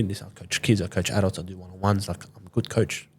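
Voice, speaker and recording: A man's voice: sits low, level tone, fast talker, husky. A man in his twenties, a podcast guest telling a story casually, swearing often and acting out what others said. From Sydney, Australia. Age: 20s. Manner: loose, swears often, acts out quoted dialogue.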